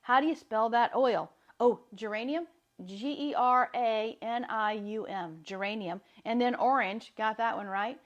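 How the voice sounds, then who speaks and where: Chatty Southern woman, fairly high voice. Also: unhurried, highs cut off. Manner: chatty, upbeat, laughs often. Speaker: wellness coach. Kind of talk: live-streamed talk.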